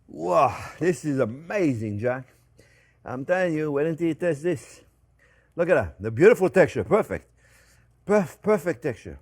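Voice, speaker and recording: Chatty guy chef doing a casual cooking demo, kinda high voice, bounces all over the place. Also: normal speed, pauses often. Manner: chatty and animated, laughs often, repeats words to stress. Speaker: chef hosting a cooking show.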